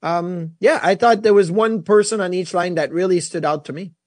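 A man, a former goalie co-hosting a casual sports talk show, telling animated stories with many restarts. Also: sits high, normal speed, no echo. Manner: animated storyteller, lots of restarts.

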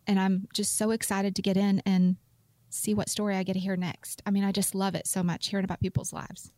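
A woman's voice: mid-range voice, flat delivery, brisk, warm tone. A middle-aged woman, a financial advisor chatting as a radio show guest in an upbeat, reassuring way. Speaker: financial advisor and firm CEO.

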